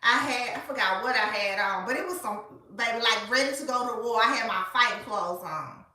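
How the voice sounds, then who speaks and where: A woman, telling a story in a casual, animated way and speaking straight to her listeners. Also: a little high, fairly quick, recorded from a distance. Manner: animated, colloquial, addresses listeners as y'all. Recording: echoey room, voice off-mic.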